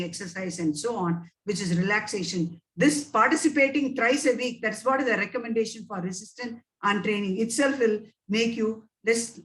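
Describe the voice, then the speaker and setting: A woman's voice: mid-range voice, a bit bright, recorded from a distance, low-quality recording. A woman with an Indian English accent answering webinar questions as a nutrition scientist, emphatic and advising, repeating words for stress.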